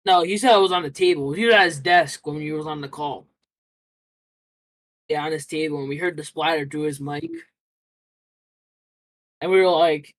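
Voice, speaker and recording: A man's voice: on the high side, brisk, a bit bright, rough recording. A young man answering interview questions casually, rambling through a story with lots of fillers and restarts.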